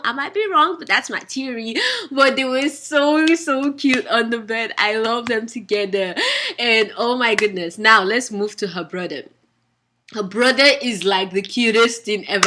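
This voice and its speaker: Bright-voiced gushing young woman. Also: a little high. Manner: gushing, excitable, laughs often. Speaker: drama reviewer. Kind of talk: casual chat review.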